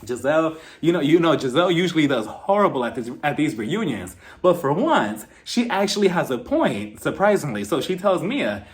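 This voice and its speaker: A man's voice: fairly high pitch, normal speed, hardly any pauses. A man giving a casual, dramatic recap of a reality show, full of exclamations. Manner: animated, dramatic retelling with exclamations. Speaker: reality TV reviewer.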